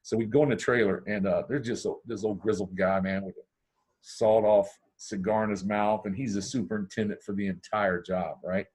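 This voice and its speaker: Lively storytelling man from Ohio, lowish voice. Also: a little fast, breathy edge. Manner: animated, acts out dialogue with big pitch swings. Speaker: podcast guest. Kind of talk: casual storytelling.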